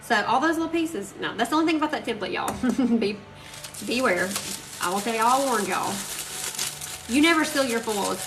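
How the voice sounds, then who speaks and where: A woman's voice: a little high, lively intonation, moderate pace, pauses often, music in the background, poor audio. A woman chatting and telling rambling stories to her live-stream viewers while she crafts. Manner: chatty, rambling storyteller, addresses viewers as y'all. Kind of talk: casual chat while crafting. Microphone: phone live stream.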